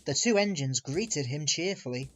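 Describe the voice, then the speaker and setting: A man reading a children's railway storybook aloud in a measured, expressive way. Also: on the high side. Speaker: reader. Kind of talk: storybook narration.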